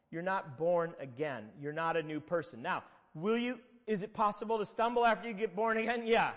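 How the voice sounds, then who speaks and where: A man's voice: high voice, a bit bright. A middle-aged man preaching a sermon, telling stories conversationally with emphatic repetitions. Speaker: pastor. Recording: long hall reverb.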